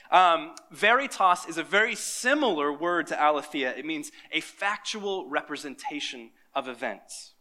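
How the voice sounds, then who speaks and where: A man's voice: a little high, sharp tone. A pastor giving a sermon to his congregation, reading scripture and quizzing his listeners in an engaging way.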